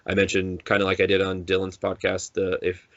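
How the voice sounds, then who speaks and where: Deep-ish guy podcast cohost, rambles, restarts a lot, dead dry muffled mic. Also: completely flat delivery, fairly quick, fairly bright tone, no room sound. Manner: rambling, many restarts, acts out quoted lines. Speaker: podcast co-host. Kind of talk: casual chat.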